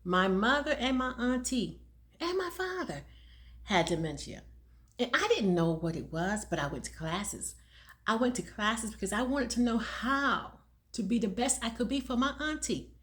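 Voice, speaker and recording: A woman's voice: fairly high pitch, lively intonation, moderate pace, fairly bright tone. A middle-aged woman talking earnestly to viewers as a caregiver and awareness speaker, repeating phrases for emphasis. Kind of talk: heartfelt personal talk to viewers.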